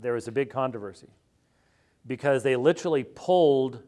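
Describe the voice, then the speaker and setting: Casting: American male theologian guest, wry, animated talker, mid pitch. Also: brisk. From United States. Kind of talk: conversational interview answer.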